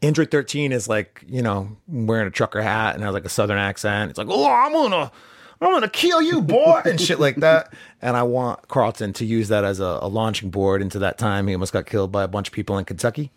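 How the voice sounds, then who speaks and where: A man's voice: on the low side, a little fast, dry recording. A young man co-hosting a podcast, chatting casually and profanely about a movie and acting out character lines. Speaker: podcast co-host. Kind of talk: casual movie review chat.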